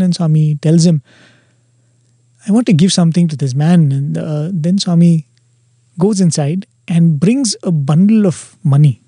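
A man's voice: on the high side, dark tone, no room sound. A man earnestly telling a devotional story, quoting dialogue along the way. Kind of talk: devotional anecdote.

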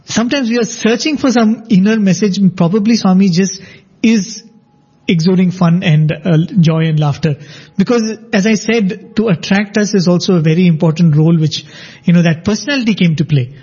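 Man, high voice, husky, storytelling, dull lo-fi audio. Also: mellow. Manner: anecdotal, measured, laughs while telling. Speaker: storyteller in a devotional talk. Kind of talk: conversational storytelling.

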